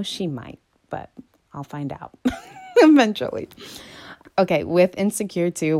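A woman vlogger chatting casually and meandering, her voice jumping higher and louder when she gets excited. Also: no echo. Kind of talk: casual chat.

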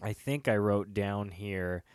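A man's voice: fairly low pitch, takes it slowly, clean tone, dry recording. Man recapping a TV episode, dry sound. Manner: reads episode summaries, swears casually, laughs often. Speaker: podcast host. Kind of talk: casual TV recap chat.

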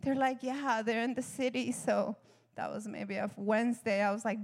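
A woman with a high voice gives an earnest testimony sermon as a missionary, often laughing and acting out conversations. Her voice rings with the long reverb of a large hall. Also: level tone, moderate pace. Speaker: missionary speaker.

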